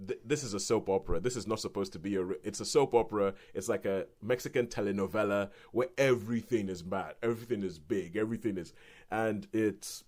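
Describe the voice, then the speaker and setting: A British man co-hosts a film podcast, his voice sitting a little low. He rambles through his review in an animated, casual way, restarting sentences and laughing now and then. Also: brisk. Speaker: podcast co-host reviewing films.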